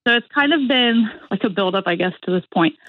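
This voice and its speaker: A woman's voice: medium pitch, lively intonation, brisk, dry recording, phone-quality sound. A young woman from Indiana calls in to an advice show, speaking earnestly and hesitantly with many fillers. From Indiana, USA. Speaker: caller. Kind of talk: phone-in conversation.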